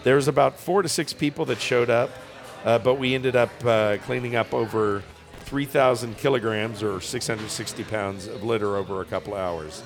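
Creaky-voiced man telling a story. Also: medium pitch, fairly even intonation, moderate pace, faint music behind. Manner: joking, rambling with fillers. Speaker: podcast co-host reading a news story. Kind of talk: casual comedic chat.

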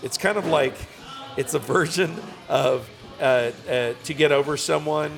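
A man with a gravelly, creaky voice retells a news story on a comedy podcast. He rambles, fills gaps with "uh" and drifts into jokes. Faint music plays underneath. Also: on the high side, a little slow. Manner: joking, rambling with fillers. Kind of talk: casual comedic chat.

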